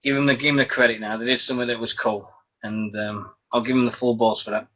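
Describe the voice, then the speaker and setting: A man's voice: mid-range voice, fairly even intonation, fast talker. A man hosting a wrestling radio show alone, rambling, chuckling and losing his thread. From Britain. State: sore throat. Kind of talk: rambling solo internet radio chat. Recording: dull lo-fi stream audio.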